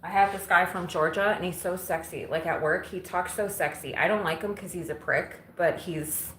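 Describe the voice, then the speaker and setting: Her voice sits on the low side, fairly bright, with fairly even intonation and normal speed: a woman from Illinois doing chores during a casual live stream. She bluntly responds to viewer comments and swears occasionally, moving through her kitchen and living room with windows open, recorded in roomy audio with faint background noise.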